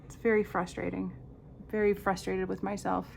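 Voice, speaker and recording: A woman's voice: medium pitch, little pitch movement, normal speed, gravelly, darkish tone, slight background noise. A woman in her fifties chatting casually while doing her makeup, rambling through stories with dry, sarcastic asides. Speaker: makeup vlogger. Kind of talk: casual get-ready-with-me chat.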